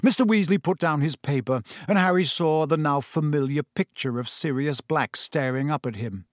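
A man narrating a storybook aloud, expressive and voicing each character. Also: on the high side, moderate pace, few pauses, no echo, clean studio sound. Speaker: audiobook narrator.

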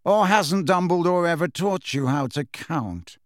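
A man voicing a cold, sneering aristocratic wizard with a slow drawl. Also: fairly high pitch, no echo, clean studio sound, close to an everyday voice.

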